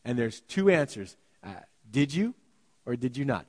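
A male pastor giving a sermon, talking casually and animatedly, often dropping to a hushed voice. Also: mid-range voice, moderate pace, big-room sound. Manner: animated, conversational preaching with sudden quiet drops. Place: church sanctuary.

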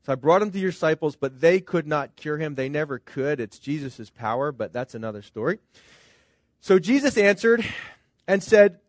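A middle-aged pastor with a notably high voice preaches in an earnest, conversational, animated way at normal speed. He keeps posing rhetorical questions to the congregation, and the recording is dry with no room echo.

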